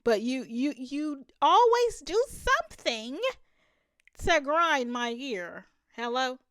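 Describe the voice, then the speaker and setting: Speaking slowly in a high, sing-song voice that's fairly bright, clear, and resonant, a woman hosts a reaction video. She talks to viewers emphatically and laughs often, recorded at studio quality without room sound.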